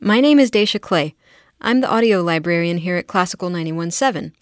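A woman's voice: fairly low pitch, animated, fairly quick, no room sound, clean studio sound. A woman hosting a radio interview, friendly and curious, with an easy laugh. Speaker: host.

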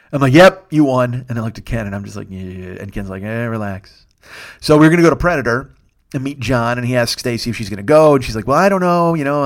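A comedian telling a rambling, profane story in a casual podcast monologue, acting out what others said. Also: male voice, mid-range voice. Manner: rambling, profane, acts out quotes. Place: Los Angeles.

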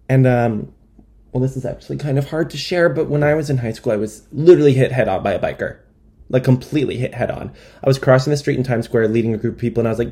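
Young man with a dark, mellow voice doing rambling comedy. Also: mid-range voice, fast. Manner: rambling, self-deprecating, wry asides. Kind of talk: stand-up style comic monologue.

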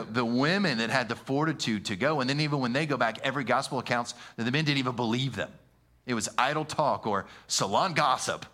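A man preaching a sermon in an animated, conversational way, using slang and often stumbling over repeated words. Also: on the high side. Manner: animated, conversational, with slang and frequent stammered restarts.

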